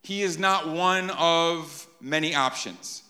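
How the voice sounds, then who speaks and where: Guy preaching a lively sermon, highish voice, bright and forceful. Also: slow pace. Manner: animated, keeps checking in with "right?". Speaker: pastor. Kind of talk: sermon to a live congregation.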